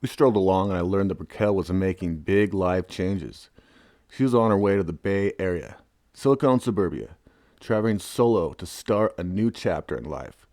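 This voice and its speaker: A man's voice: sits low, moderate pace, darkish tone, no room sound, clean studio sound. A man reading his own memoir aloud in a wry, casual storytelling manner. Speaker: narrator.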